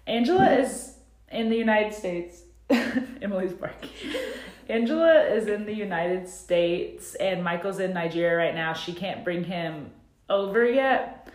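A woman co-hosting a podcast, chatting and laughing as she recaps a TV show, with lots of "like" fillers, recorded without a proper mic. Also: fairly low pitch. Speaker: podcast co-host. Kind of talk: casual chat recapping a TV show. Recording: echoey room, no proper mic.

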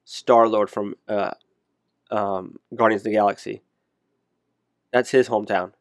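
In a dry, studio-quality recording, a man with a lowish voice chats casually about places he'd like to travel. He speaks at a measured pace with fairly even intonation, rambling and correcting himself along the way.

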